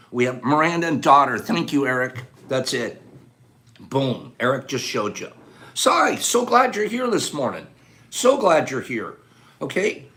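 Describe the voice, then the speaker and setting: A man hosts a casual livestream in a loose, chatty way, calling out viewers by name. His voice sits in a middle pitch but rises and falls freely. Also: fairly bright tone. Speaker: livestream host.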